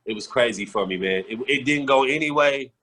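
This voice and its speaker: A man in a casual sports podcast interview tells locker-room stories with blunt, profane candor. His delivery is animated and loose, with quick shifts as he relives the moments. His voice sits at an ordinary middle pitch. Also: low-quality recording. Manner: candid, profane, animated retelling. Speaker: podcast guest, former pro basketball player. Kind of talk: casual storytelling.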